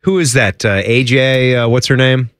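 A man co-hosting a casual sports radio talk show, laughing often and jumping into quick asides. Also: mid-range voice, fairly even intonation, a bit bright, no room sound, studio quality.

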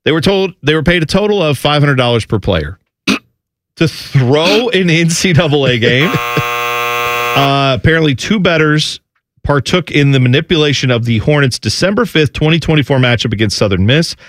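A man's voice: a little high, normal speed, dry recording. Male host from New Jersey, conversational storyteller, dead-dry booth sound. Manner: animated storytelling, imitates relatives. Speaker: podcast host. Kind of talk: casual chat and news rundown.

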